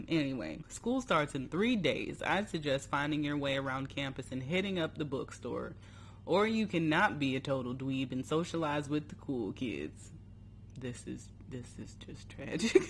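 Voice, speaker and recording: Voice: medium pitch, a bit bright, slight background noise. A YouTuber casually reading their own old story aloud and mocking it, laughing often and breaking off mid-line. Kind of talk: casual commentary on a story game.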